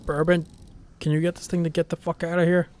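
A man's voice: on the high side, flat delivery, fast, darkish tone. Jumpy man talking through a game. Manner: nervous self-talk, frequent swearing, reacting aloud to the game. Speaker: let's play gamer. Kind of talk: casual live gameplay commentary.

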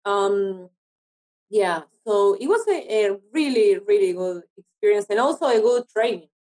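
An actress from Argentina with an Argentinian Spanish accent, speaking English as a second language in a casual interview, often pausing to search for words. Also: female voice, mid-range voice, animated, darkish tone, low-quality recording. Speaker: actress guest.

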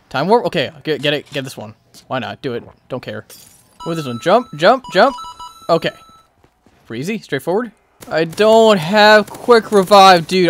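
A video game player giving live gameplay commentary, frustrated and swearing, swinging between loud outbursts and low muttering. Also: expressive, normal speed, long pauses, a little hiss or hum.

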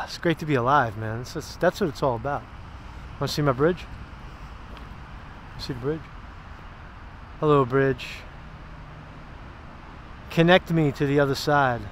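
A man with a medium-pitched voice gives rambling, profane political commentary while walking outdoors in a park, tossing in sarcastic asides. He's a political vlogger, and there's a little hiss or hum on the recording.

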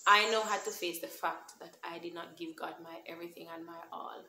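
A young Jamaican woman tells her personal testimony in an earnest, emotional way, moving between plain English and patois. Her voice sits a little low for a woman. The recording is roomy and echoey, with faint noise behind it. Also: steady tone, fairly quick, bright, forceful tone. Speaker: vlogger sharing a testimony. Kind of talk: storytime testimony. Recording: echoey room.

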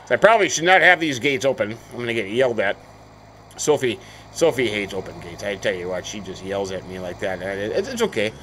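A chatty man gives casual gameplay commentary, thinking aloud as he goes. His pitch swings widely from low mutters to high surprised exclamations. A faint noise sits behind his voice. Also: big pitch swings, a little fast, pushed and bright, poor audio. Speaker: let's play host.

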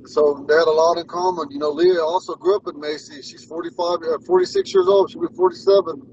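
A man's voice: on the high side, animated, fairly quick, creaky, darkish tone, slight background noise. A man in his forties, a language teacher, telling rambling stories in a casual lesson. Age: 40s. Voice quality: rambling, repeats himself and restarts. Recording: muffled sound from far off the mic.

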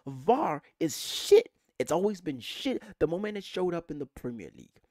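A man's voice: a little high, moderate pace, no room sound, studio quality. A man hosting a football fan channel, delivering an angry, profane rant straight to camera. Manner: furious, profane, animated ranting.

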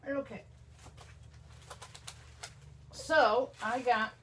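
A woman's voice: fairly high pitch, slow, fairly bright tone, slight background noise. A woman chatting casually as she opens mail from friends, cooing over each gift and talking to the viewers and the objects as she unwraps them. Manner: chatty, cooing and gushing over small gifts. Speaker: vlogger opening mail from friends. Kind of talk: casual unboxing chat.

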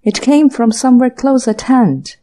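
A woman's voice: on the high side, expressive, normal speed, dark tone, pitched above the performer's own voice, lightly acted. A woman narrator voicing an earnest young man who is flustered but insists on what he heard, in a storybook reading. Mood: insistent, flustered. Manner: insistent, apologetic.

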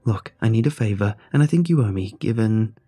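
A man's voice: fairly low pitch, expressive, a little fast, warm tone, slightly rough, soft background music. A man voicing a chirpy, mocking young man trapped inside a beer can, who taunts and bosses the listener with sarcasm. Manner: taunting and bossy, snapping sarcastically.

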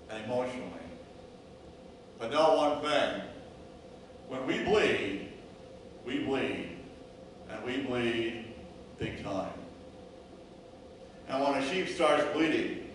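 A male pastor preaches a sermon at a slow, deliberate pace and strings words into rhythmic lists. His voice echoes heavily through the church sanctuary. The microphone sits some distance from him. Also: fairly high pitch, fairly bright tone, slight background noise.

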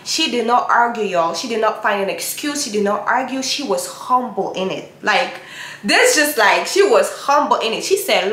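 A woman's voice: on the high side, expressive, a little fast, fairly bright tone, reverberant. A woman giving a motivational Bible talk to her viewers, urging and repeating herself like a preacher. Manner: emphatic and repetitive, preacher-like exhortation. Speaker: Christian YouTuber giving encouragement.

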